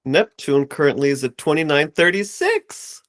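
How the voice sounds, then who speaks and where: A man giving an astrology reading in a calm, explanatory way. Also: fairly high pitch, normal speed. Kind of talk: casual consultation.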